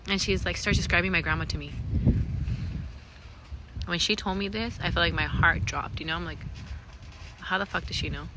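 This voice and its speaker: A woman's voice: fairly low pitch, background noise. A young woman telling a personal ghost story in a casual, rambling way, swearing often and using lots of fillers. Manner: rambling, profane, full of fillers.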